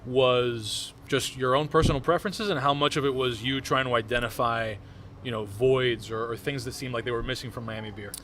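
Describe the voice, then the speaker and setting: A man's voice: mid-range voice, fairly even intonation, brisk, fairly bright tone, a little hiss or hum. A man interviewing a guest, asking long, hedged, rambling questions. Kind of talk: conversational interview.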